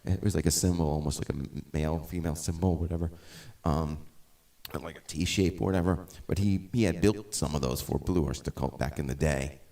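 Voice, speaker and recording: A middle-aged man with a very low voice talks casually between songs on a live stream. He rambles, restarts his sentences and drifts off on tangents. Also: brisk, vocal fry, warm tone. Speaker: musician and live-stream host.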